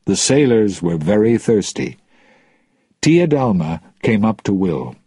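A man narrating an audiobook in a slow, deliberate, plain reading. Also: on the low side, sing-song, dark tone, husky, no room sound.

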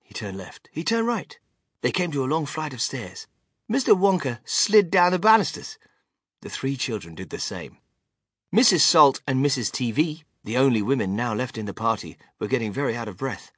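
Expressive storybook narrator, husky voice. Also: medium pitch, normal speed, dry recording, clean studio sound. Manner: expressive, animated reading. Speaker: audiobook narrator.

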